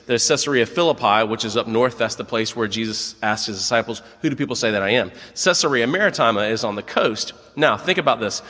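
Animated man preaching in a reverberant church. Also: medium pitch. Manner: animated storytelling, acts out quotes. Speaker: pastor. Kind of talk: sermon.

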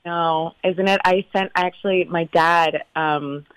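Low-voiced woman from norcal chatting away in an interview, dry close sound. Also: takes it slowly, clean tone, dry recording, poor audio. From Northern California. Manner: chatty, animated storyteller. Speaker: stage actress, interview guest. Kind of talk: casual interview chat.

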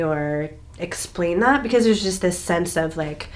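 A woman in her thirties talking in a relaxed, expressive way, telling stories with laughter. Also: on the low side, normal speed. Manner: animated, expressive storytelling with laughs. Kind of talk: casual chat.

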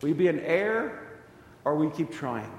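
A man's voice: on the high side, very animated, moderate pace, vocal fry, echoey room, long reverb tail. A man preaching a sermon as pastor, telling stories and acting out the dialogue in them. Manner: storytelling preacher, acts out quoted dialogue.

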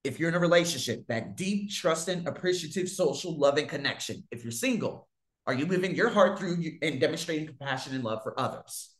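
A man telling stories to his viewers in a casual monologue, swearing freely and swinging widely in pitch and loudness. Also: brisk. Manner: profane, animated, big swings in pitch and loudness. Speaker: vlogger. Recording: echoey room.

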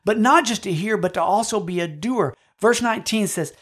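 A man's voice: sits high, moderate pace, hardly any pauses. A man preaching a sermon in an earnest, personal testimony style, repeating words when he presses a point. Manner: earnest, personal testimony with frequent swings in loudness. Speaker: pastor.

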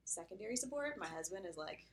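A woman's voice: medium pitch, expressive, fast talker, a crowd in the background. A young woman running coach co-hosting a podcast, joking about herself in playful, giggly casual chat. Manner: playful, self-teasing, giggly.

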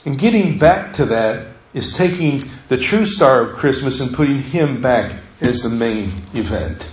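Conversational preacher in an echoey church. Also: male voice, mid-range voice, lively intonation, unhurried. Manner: storytelling, conversational, acts out quoted voices. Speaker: pastor. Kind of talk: sermon. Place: church sanctuary.

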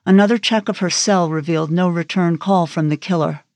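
A woman narrating a crime thriller audiobook in a steady, even storytelling manner. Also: fairly low pitch, brisk, dry recording. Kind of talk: scripted narration.

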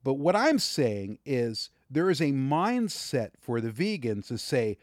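A man's voice: mid-range voice, big pitch swings, measured pace, hardly any pauses, no room sound, clean studio sound. A man co-hosting a podcast, arguing his point passionately and raising his voice in a heated debate. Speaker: podcast co-host.

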